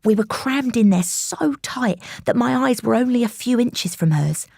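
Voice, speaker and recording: A woman's voice: fairly high pitch, expressive, normal speed, gravelly, darkish tone, no room sound, clean studio sound. A woman narrating an audiobook in a tense, suspenseful storytelling voice. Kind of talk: scripted narration.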